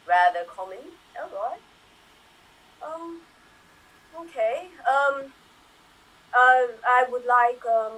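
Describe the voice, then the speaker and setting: A woman voicing a sheltered, bewildered elderly royal man in a put-on upper-class English accent, hesitant and halting in an improv comedy scene. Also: mid-range voice, a bit bright, breathy edge, voice pushed down, heavily acted, low-quality recording. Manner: hesitant, full of ums and halting restarts. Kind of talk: improv comedy scene over video call.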